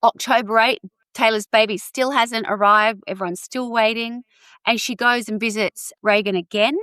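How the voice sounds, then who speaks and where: Woman, podcast host, casual true-crime storytelling, animated, dry recording. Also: fairly high pitch, moderate pace, clean tone, dry recording. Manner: chatty, animated, many asides.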